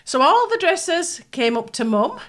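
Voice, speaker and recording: A woman's voice: very high voice, sing-song, a little slow, a bit bright. A middle-aged woman with a Northern English accent, chatting about family as a podcast guest, laughing often. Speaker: podcast guest, bride's mother. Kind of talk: casual chat.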